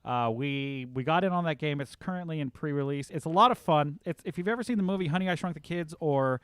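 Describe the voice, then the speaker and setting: A man's voice: on the high side, fast talker, clean tone, no echo. Guy rambling away on a game livestream, lots of likes and ums, easygoing. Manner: chatty, rambling, fillers like "like" and "um". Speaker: game streamer. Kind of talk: casual live-stream chat.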